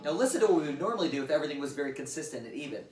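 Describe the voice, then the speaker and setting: Man teaching drums over loud playing. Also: fairly high pitch, sing-song, very fast, loud music behind the voice. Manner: counts beats aloud, explains plainly. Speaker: drum teacher. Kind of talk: casual instructional demo. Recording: roomy and distant, loud drums behind. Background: loud drum playing.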